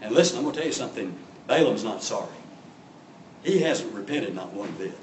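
A man's voice: lowish voice, lively intonation, a little fast, background noise. A man preaching a sermon, telling the story with drama and acting out voices. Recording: echoey room from a distance.

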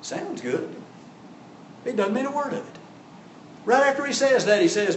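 A man's voice: very high voice, animated, moderate pace, long pauses, a little hiss or hum. A man preaching a sermon, telling the story with drama and acting out voices. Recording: echoey room from a distance.

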